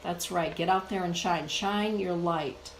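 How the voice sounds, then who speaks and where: Slow, emphatic woman reading oracle cards. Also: lowish voice, steady tone, echoey room, background noise. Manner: slow, emphatic, addresses viewers by name. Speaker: spiritual author and card reader. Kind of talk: live oracle card reading for viewers.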